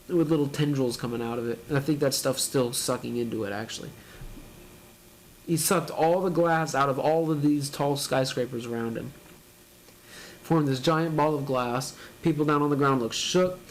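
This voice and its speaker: Male reaction host, slightly high voice, casual panel-by-panel narration, frequent laughs. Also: normal speed, slight background noise. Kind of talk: live reading and reaction.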